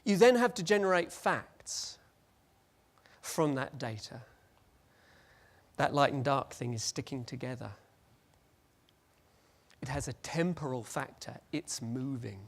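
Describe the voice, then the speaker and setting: A man giving a lively, joking conference presentation and acting out little scenes. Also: medium pitch, slow pace, long pauses. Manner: animated, jokey, acts out scenes. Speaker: conference speaker.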